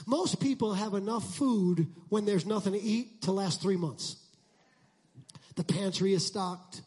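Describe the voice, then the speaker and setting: High-voiced husky preacher, shouting at peaks. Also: male voice, a little slow. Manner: swings from soft asides to shouted climaxes; jokey, conversational asides to the congregation. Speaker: pastor. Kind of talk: sermon.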